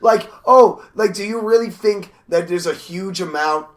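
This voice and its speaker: A man's voice: high voice, unhurried. A man co-hosting a podcast in casual, profane, rambling chat, laughing often. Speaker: podcast co-host.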